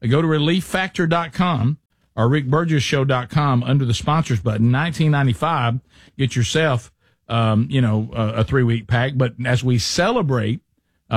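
A middle-aged man hosts a talk radio show, shifting from a sponsor read into loose, rambling stories full of restarts and fillers. His voice sits at an ordinary pitch for a man. The studio sound is dry and close. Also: no echo. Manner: chatty storyteller, frequent restarts and fillers. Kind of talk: casual talk radio chat and live ad read.

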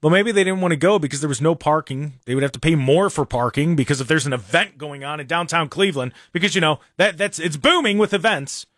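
A man hosting a casual talk show, animated and sarcastic, often dropping into mocking voices. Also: on the high side, fast, hardly any pauses, no echo, clean studio sound. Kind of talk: casual chat.

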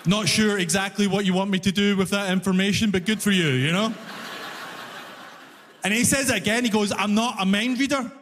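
A man doing stand-up comedy on a music hall stage, telling stories with animated exasperation, often breaking into shouts. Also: sits high, a little fast, pauses often, noisy background. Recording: long reverb of a concert hall.

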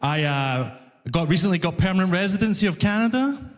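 Glasgow-accented comedian on a reverberant stage. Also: male voice, high-pitched, fairly quick, noisy background. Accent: Scottish, Glasgow. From Scotland. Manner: animated storytelling with voiced asides. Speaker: stand-up comedian. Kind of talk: stand-up comedy set. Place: comedy club stage with audience. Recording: live hall reverb.

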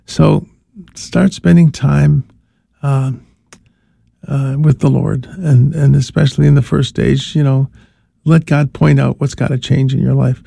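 A man's voice: a little high, creaky, dark tone, dry recording, clean studio sound. An older man, a priest hosting a call-in radio show, giving advice in a chuckling, rambling way with many restarts.

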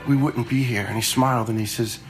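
A man's voice: mid-range voice, fairly even intonation, fairly quick, music in the background, low-quality recording. A man in his fifties, a retired fire lieutenant, telling stories in a blunt, conversational way with some swearing. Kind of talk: casual storytelling.

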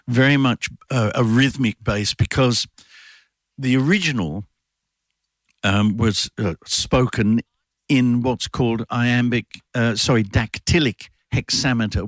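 A man's voice: medium pitch, no echo, clean studio sound. Thoughtful man rambling with fillers. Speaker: guest performer and adapter of a classic poem. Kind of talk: radio interview.

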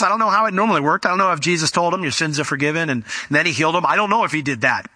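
A man's voice: on the high side, bright, forceful tone, no echo. A man preaching a conversational Bible teaching, folksy in his delivery and fond of acting out the people in the story. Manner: folksy, acts out quoted voices.

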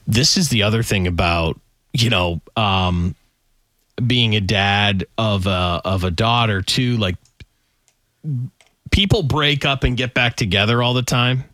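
A man's voice: fairly low pitch, a little slow, no echo, studio quality. A man co-hosting a casual radio show, telling stories and acting out the voices of people in them. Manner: animated storyteller, acts out quoted voices.

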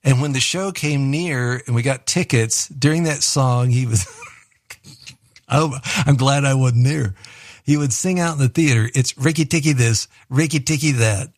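A man's voice: medium pitch, unhurried, no echo. Male radio host, dry studio sound, encouraging, reflective. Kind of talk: call-in radio show hosting. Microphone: studio microphone.

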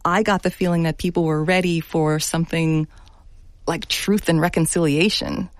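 A middle-aged woman journalist giving a thoughtful radio interview, speaking earnestly and laughing softly now and then. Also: sits low, steady tone, moderate pace, no echo. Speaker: journalist guest.

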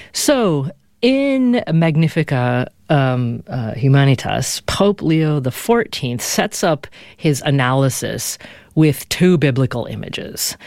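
A radio talk show host interviewing a guest in a curious, lively way. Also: medium pitch, dry recording, clean studio sound. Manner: lively, curious, self-deprecating.

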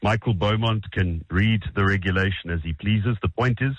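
Low, husky South African man, combative. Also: normal speed, no room sound, dull audio. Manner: combative, blunt corrections. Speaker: opposition politician. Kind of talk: broadcast political debate.

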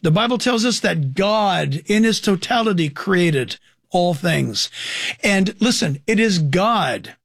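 A man's voice: sits high, animated, slow, gravelly, no echo, clean studio sound. A man critiquing preachers' teachings in an emphatic way, asking his own questions and answering them. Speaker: Christian commentator.

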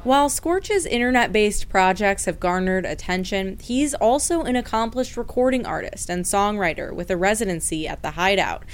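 Smooth-voiced woman radio reporter. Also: mid-range voice, expressive. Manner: measured, clear delivery. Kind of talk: scripted news feature narration.

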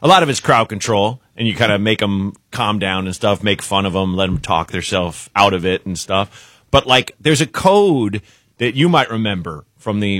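A stand-up comedian appears as a guest on a radio show, telling a comic story and laughing through his own punchlines. His voice is on the low side but fairly bright, recorded dry on a studio microphone.

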